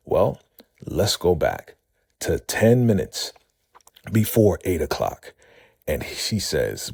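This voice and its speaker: A man's voice: deep voice, very animated, measured pace, vocal fry, a little mellow, slightly rough, dry recording, studio quality. A man hosting a casual vlog recap of a TV episode, chatty and calling his viewers fam.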